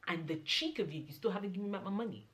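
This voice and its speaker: Animated woman telling a story. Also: rapid-fire. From Nigeria. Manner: animated storytelling, mimicking others, rising to exasperated high-pitched outbursts. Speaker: vlogger. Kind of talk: casual storytime vlog.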